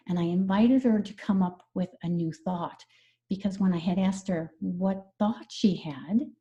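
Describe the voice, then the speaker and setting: A woman's voice: on the low side, mellow, lo-fi sound. A woman stress management coach explaining her methods earnestly in a conversational interview, repeating key phrases.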